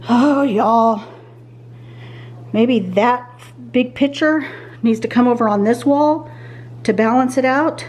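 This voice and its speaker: Slow and prone to frequent pauses, her voice is fairly high with a darkish tone. The middle-aged woman tidies her bedroom on a casual vlog, talking to viewers and thinking aloud as she weighs her options.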